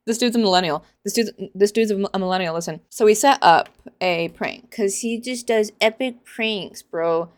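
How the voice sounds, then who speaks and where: A woman's voice: mid-range voice, moderate pace, hardly any pauses. A woman in her twenties giving casual, sarcastic commentary in a book reaction vlog, rambling and exasperated.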